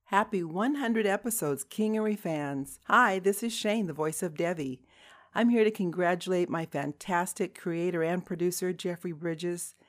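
A woman's voice: fairly low pitch, normal speed. A woman who is a voice actor, recording a cheerful message of congratulations in an upbeat manner.

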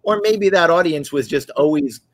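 A man in casual podcast conversation, animated and laughing, often restarting his phrases. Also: fairly high pitch, normal speed. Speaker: podcast guest or host, artist.

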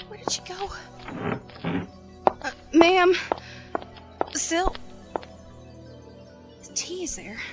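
A woman's voice: very high voice, exaggerated voice. A young woman playing a polite door-to-door church missionary in an audio drama. She speaks with courtesy and says ma'am often. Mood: frightened.

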